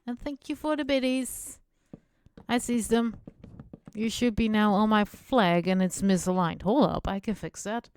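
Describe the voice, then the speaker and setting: Non-native woman streamer, chatty and rambling as she builds, smooth clear voice, unhurried delivery. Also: medium pitch, darkish tone, no room sound. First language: not English. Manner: rambling and chatty, muttering to herself while playing. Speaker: Minecraft streamer. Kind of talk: casual live-stream chat while building.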